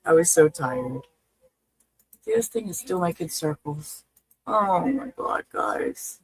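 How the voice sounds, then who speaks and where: A woman's voice: fairly low pitch, animated, takes it slowly, pauses often, poor audio. A woman hosting a livestream in casual chat, talking in a chatty, frustrated way about her stream failing. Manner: chatty, frustrated, swearing and laughing. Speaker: livestream host reacting to body cam videos.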